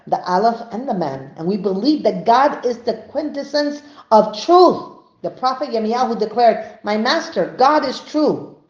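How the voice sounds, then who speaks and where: A woman with a fairly high voice teaches an earnest religious lesson, pressing her points with emphasis. The sound is dull and muffled, with an echoey room around her. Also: darkish tone. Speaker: Torah teacher.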